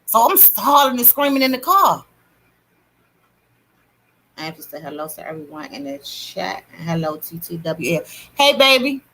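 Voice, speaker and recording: A middle-aged woman hosting a livestream, telling her testimony in a casual, animated way and greeting chat viewers. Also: medium pitch, moderate pace, pauses often. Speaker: livestream host.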